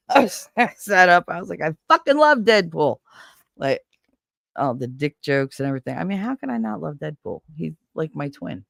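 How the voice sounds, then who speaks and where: A woman hosting a casual stream chat, telling stories in an animated way and laughing often. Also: low-pitched, normal speed, gravelly, no echo, studio quality. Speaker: streamer host.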